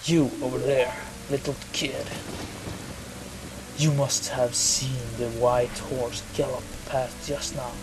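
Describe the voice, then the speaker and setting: Menacing grown villain king read plainly by a man, game dialogue read quickly, unhurried narrator voice. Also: mid-range voice, noisy background. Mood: taunting. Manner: reads lines flatly, barely acting.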